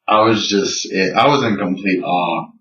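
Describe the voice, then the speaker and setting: A man's voice: low voice, a little slow, fairly bright tone. A man telling a story in a personal video submission, earnest and incredulous as he recounts conversations. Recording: roomy, distant, dull lo-fi recording.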